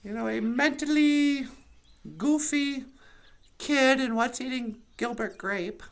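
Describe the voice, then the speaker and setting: A woman's voice: sits high, takes it slowly. A woman telling stand-up stories in a sardonic way, acting out other people's voices as she goes. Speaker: comedian. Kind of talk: stand-up storytelling.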